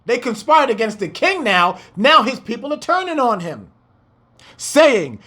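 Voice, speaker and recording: Impassioned man preaching a scripture breakdown, animated and swinging in pitch, with rhetorical questions. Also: slow. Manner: fiery, exclaiming, rhetorical questions, swearing.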